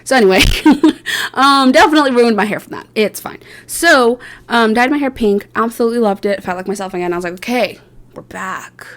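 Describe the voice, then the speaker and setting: A young woman talks straight to her viewers in a loose, rambling vlog. She tells her story in a chatty, self-mocking way, full of fillers and quick asides. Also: a little high, a bit bright. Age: young adult. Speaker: vlogger.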